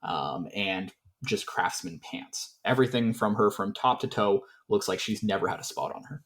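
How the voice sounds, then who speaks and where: A man running a tabletop game as game master, explaining the scene in a calm, measured way. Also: lowish voice. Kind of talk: tabletop game role-play.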